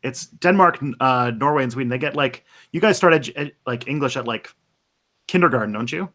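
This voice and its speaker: An easygoing man hosts a casual live stream, chatting loosely and improvising as he goes. His voice sits at a middling pitch for a man. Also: expressive, a little fast, bright, forceful tone.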